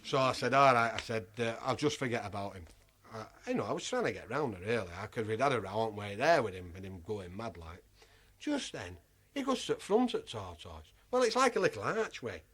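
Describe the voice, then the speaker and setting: A man's voice: fairly low pitch, sing-song, brisk, a bit bright, slightly rough. Exasperated man spinning a tale. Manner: exasperated, rambling, swears freely, acts out the voices of others. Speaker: comic storyteller. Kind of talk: comic anecdote told to a live audience.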